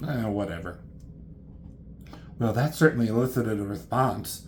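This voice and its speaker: A man's voice: fairly low pitch, normal speed, pauses often. A man reviewing a comic book with sarcastic, profane running commentary. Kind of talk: comedic commentary.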